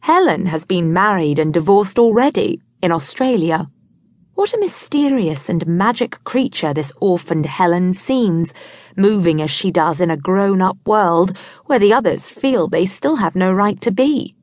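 Expressive woman audiobook narrator. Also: on the low side, a little slow, no room sound.

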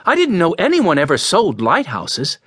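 A male audiobook narrator voicing a sensible young girl who speaks brightly and earnestly. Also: a little high, huge pitch swings, normal speed, slightly rough, no room sound, studio quality, pitched above the performer's own voice, exaggerated voice. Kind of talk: audiobook character voice.

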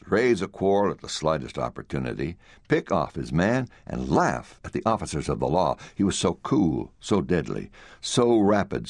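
A man narrating a classic story for an audiobook in a measured storytelling manner, recorded on a close studio mic. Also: low-pitched, a little mellow, dry recording. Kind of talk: scripted narration.

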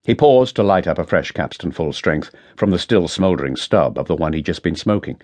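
A man narrating a crime novel audiobook in a dry, measured storytelling manner. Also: deep voice, expressive, darkish tone. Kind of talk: scripted narration.

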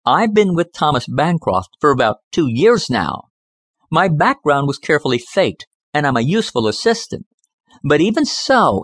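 A man voicing a cool, sharp-witted woman federal agent in an audiobook, speaking in a clipped, flat, businesslike way. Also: a little high, no echo, clean studio sound.

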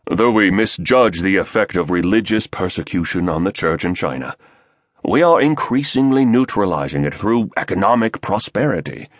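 A man voicing a smug, scheming male conspirator with a British accent and a baritone voice, measured and sneering. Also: expressive, no echo.

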